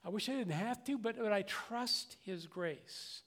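A man's voice: sits high, unhurried, a bit bright. An older man preaching a conversational sermon as a pastor, earnest and plainspoken, often restarting and repeating words.

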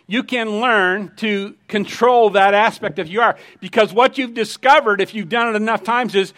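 A man's voice: high voice, normal speed, sharp tone. A middle-aged man preaching a sermon, conversational and emphatic, telling personal stories. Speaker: pastor.

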